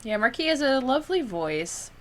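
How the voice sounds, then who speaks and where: Her voice sits high and sing-song, moving at an ordinary speed. Worn out, the young woman talks to her stream as she works on photos at her desk, giggling often, drifting into a Valley Girl lilt, and saying "like" constantly.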